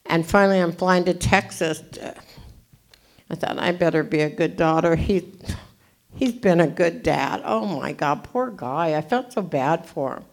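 A California woman in her seventies, with a fairly low-pitched voice, speaks at a recovery meeting. Her storytelling is animated, jokey, and self-deprecating.

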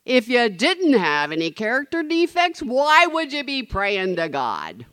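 A woman's voice: on the high side, huge pitch swings, unhurried, fairly bright tone, clear, resonant tone, pitched above the performer's own voice, heavily acted. A woman quoting a cheerful, encouraging older man. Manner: upbeat and encouraging. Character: cheerful older man, a beloved fellow member.

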